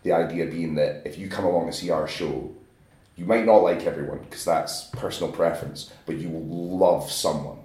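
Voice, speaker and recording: A spoken word poet talks in casual podcast chat with a very deep, low voice. He is animated and enthusiastic and often breaks into laughter. The recording carries a noticeable room echo. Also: normal speed.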